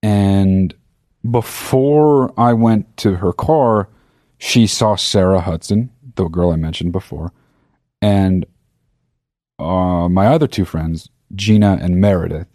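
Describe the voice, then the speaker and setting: With a deep voice and an unhurried pace, this podcast host rambles through an animated, profanity-laced story in a casual solo monologue. It's recorded at studio quality without any echo.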